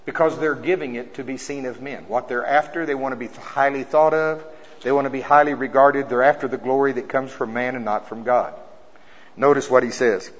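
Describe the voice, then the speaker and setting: A man preaching a sermon who reads scripture slowly and forcefully, then explains it in a casual, joking way. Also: medium pitch, fairly even intonation. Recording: dull sound in a reverberant hall.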